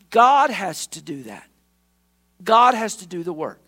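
A man's voice: high voice, very animated, moderate pace, bright, forceful tone. A man preaching a sermon as pastor, emphatic, acting out the quoted voices.

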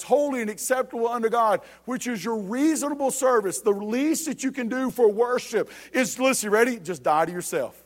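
Male pastor, high-pitched, fervent sermon delivery with frequent call-outs to the congregation. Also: expressive, moderate pace. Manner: preaching with rising emphasis and repeated calls of "you ready?".

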